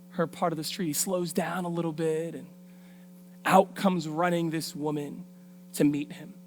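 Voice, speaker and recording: A woman guest preacher telling a Bible story in a lively, colloquial, street-smart way during a sermon. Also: lowish voice. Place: church.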